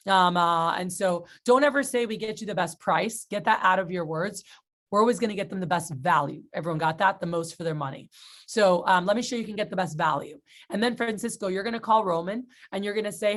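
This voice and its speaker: A woman sales manager leading a training workshop, telling stories casually and acting out excited reactions. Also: medium pitch, fairly quick. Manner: casual, filler-heavy talk.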